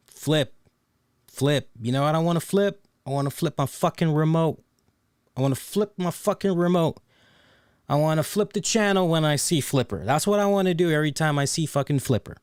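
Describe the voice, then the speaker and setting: On a wrestling review podcast, the host's voice runs on the high side as he delivers a casual, sarcastic rant. Animated and profane, he leans on repeated phrases for emphasis, in studio-quality audio free of echo.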